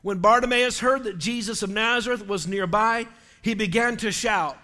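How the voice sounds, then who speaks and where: A man preaching an impassioned sermon as pastor, rising often to shouts. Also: high-pitched, normal speed.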